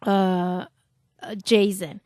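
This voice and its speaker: A woman with a Brazilian accent, a podcast guest telling stories in a laughing, swearing, animated way. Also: mid-range voice, extremely slow, no room sound, studio quality. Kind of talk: casual storytelling.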